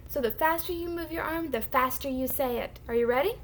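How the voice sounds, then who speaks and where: In a recorded phonics lesson, a female teacher slowly and clearly sounds out words for young children to say back. Her voice sits high and is expressive.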